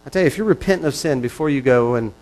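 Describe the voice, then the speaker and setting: A man's voice: medium pitch, lively intonation, rapid-fire, a little mellow, rough recording. A man preaching a sermon in an earnest, repetitive style that builds in intensity. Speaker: pastor.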